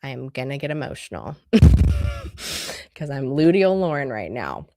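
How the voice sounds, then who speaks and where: A woman's voice: extremely low pitch, sing-song, moderate pace, mellow, dry recording. A woman relationship coach giving an earnest, conversational livestream talk full of rhetorical questions.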